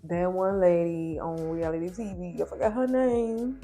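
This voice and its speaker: A chatty woman with a lowish voice gives an opinionated, fast recap of a reality TV episode. Faint music plays behind her. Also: steady tone, dark tone.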